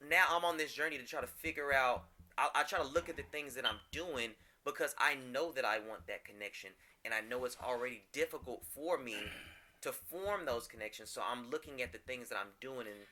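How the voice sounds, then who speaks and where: Bright-toned man talking candidly. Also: mid-range voice, fairly quick. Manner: candid, emotional, rambling with many restarts. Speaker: podcast co-host. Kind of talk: casual podcast chat.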